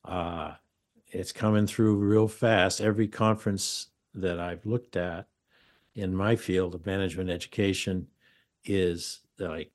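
An older man with a lowish voice, hosting a casual podcast chat. He tells stories with animated asides and jokes, and often laughs at his own punchlines. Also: a little slow. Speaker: podcast host.

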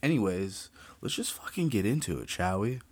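A young man hosting a true crime podcast, ranting casually, animated and full of swearing. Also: on the low side, normal speed.

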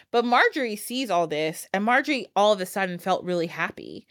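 In a dry, studio-quality recording, a woman with a lowish voice and a fairly quick pace hosts a podcast. She's animated as she casually retells a fairytale, breaking into frequent laughs and performing the quotes.

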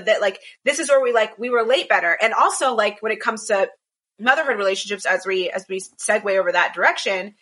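Bright-voiced rambling woman. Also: medium pitch, expressive, quick pace, husky. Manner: rambling, many restarts and "like". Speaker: podcast co-host. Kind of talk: casual chat. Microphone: video call.

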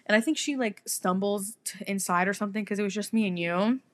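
A young woman co-hosting a podcast, telling a story in casual chat, animated, swearing freely and laughing often. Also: medium pitch, a little fast. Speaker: podcast co-host.

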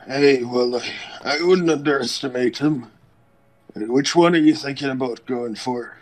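A man's voice: mid-range voice, unhurried, close to an everyday voice, low-quality recording. A man voicing an elderly male otter alchemist with a long white beard, speaking in a mild, plainspoken way during a tabletop game. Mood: courteous. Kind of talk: tabletop role-play voice.

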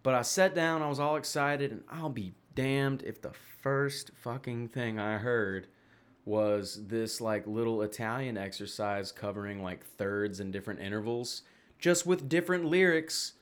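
A man's voice: medium pitch, measured pace, clear, resonant tone. A young man from Tennessee, chatting as a podcast guest. He rambles from thought to thought, swears freely and laughs often. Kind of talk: casual chat.

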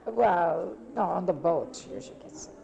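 An older woman from Italy, talking about her past in an interview in a rambling, repetitive, animated way. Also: fairly low pitch, normal speed, vocal fry, background noise. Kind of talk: casual reminiscing. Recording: crowd chatter behind.

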